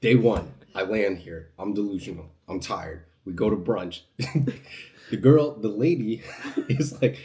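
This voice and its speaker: A man's voice: on the low side, normal speed. A man from New York telling travel stories in a casual way, laughing often as he talks. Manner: laughing often, animated and lively storytelling. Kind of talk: casual storytelling.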